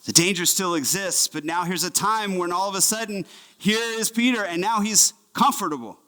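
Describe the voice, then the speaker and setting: A man preaching a sermon as pastor, telling a Bible story in an animated way and acting out the voices of its figures. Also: high voice, moderate pace. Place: church.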